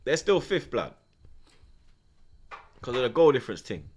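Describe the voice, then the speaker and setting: A young man reacts live to a football match as the host of a watchalong. He talks in a slangy, animated rant, getting loud when he is indignant and dropping to muttering in between. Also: mid-range voice, a little slow, slight background noise. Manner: animated, ranting, London slang.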